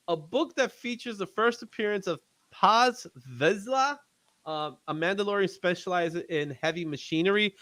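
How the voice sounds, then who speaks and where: A man hosting a casual livestream chat about comics, animated and often laughing. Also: on the high side, no room sound. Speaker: host.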